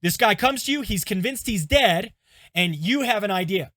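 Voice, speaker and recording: A man, a pastor, teaching a lesson through stories in an animated, conversational way, often checking in with "okay?". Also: sits high, normal speed, no room sound.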